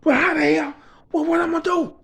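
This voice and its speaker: Man putting on a shrill panicking boss. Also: animated, moderate pace. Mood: exasperated. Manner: shrill, sputtering, swearing nonstop. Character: frantic cursing male boss, middle-aged, easily panicked.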